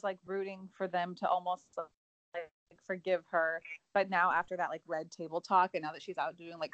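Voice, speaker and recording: A young woman co-hosting a casual celebrity gossip chat, agreeable and quick to chime in. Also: lowish voice, no room sound. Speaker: co-host. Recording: dull lo-fi sound.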